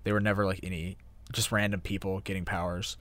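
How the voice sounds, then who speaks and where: A man's voice: low voice, level tone, fast talker, a bit bright, dry recording. A young man chatting casually about an anime, easygoing and hesitant, with many fillers. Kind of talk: casual anime review chat.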